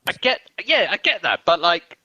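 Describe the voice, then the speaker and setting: A man with a bright, forceful voice venting in an exasperated way, with lots of fillers. The sound is dry but slightly dull and lo-fi. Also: high-pitched, sing-song, normal speed, no echo. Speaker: podcast co-host, IT worker. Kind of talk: casual chat.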